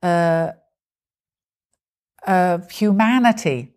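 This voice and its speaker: A woman with a notably low voice talks through her stand-up craft in a relaxed interview. She chats loosely and animatedly, slipping into the voices of people in her stories as she tells them. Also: drawn-out words. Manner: chatty, animated, acts out quoted voices. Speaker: stand-up comedian. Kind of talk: conversational interview.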